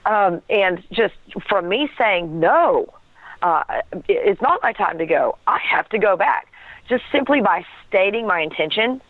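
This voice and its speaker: A woman guest telling a personal story in a lively way, laughing often and acting out what she and others said. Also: mid-range voice, unhurried, dry recording. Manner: animated storytelling with laughs and acted quotes. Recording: tinny phone line.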